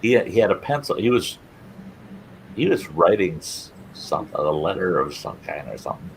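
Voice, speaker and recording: Animated middle-aged storytelling host. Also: male voice, low voice, normal speed, gravelly, slight background noise, poor audio. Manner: animated, laughs through his story. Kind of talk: casual spoken storytelling.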